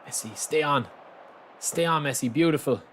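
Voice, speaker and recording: Excitable man streaming a game. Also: fairly high pitch, moderate pace, a little hiss or hum. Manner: excitable, chatty, bursts into shouts at big plays. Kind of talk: live gameplay commentary.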